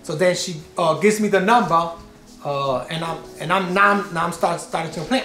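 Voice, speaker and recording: A man's voice: fairly high pitch, a little fast, a bit bright, roomy sound. Exasperated man rambling through a story. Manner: rambling, exasperated retelling with many restarts. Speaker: vlogger. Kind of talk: casual storytelling to camera.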